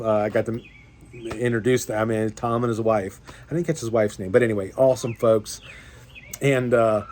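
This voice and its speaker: A man's voice: mid-range voice, slight background noise. A young man, a fishing vlogger, rambling through a story of a bad day in casual chat, with many fillers and restarts. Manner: rambling, self-deprecating, full of fillers and restarts.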